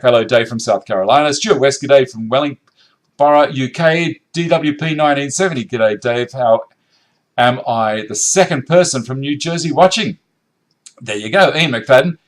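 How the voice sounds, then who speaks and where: A man's voice: medium pitch, normal speed. Host read: middle-aged Aussie bloke, easygoing and jokey, running through viewer chat in his workshop. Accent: Australian. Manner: reads viewer comments aloud, chatty and joking. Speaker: woodworking live-stream host. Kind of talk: casual live-stream chat. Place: home woodworking workshop.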